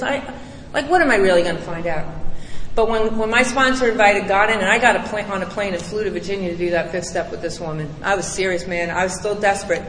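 A woman's voice: mid-range voice, fast, fairly bright tone, a little hiss or hum. Blunt, candid woman in an echoey hall. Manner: candid, emphatic, blunt storytelling. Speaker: recovery speaker. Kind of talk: personal recovery testimony. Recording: echoey hall, distant mic.

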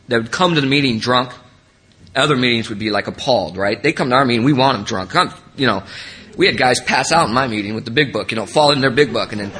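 A man giving an earnest, emotional personal testimony as a speaker at a recovery meeting. He rambles with many restarts and his voice drops low in the sad parts. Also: fairly bright tone, husky, low-quality recording.

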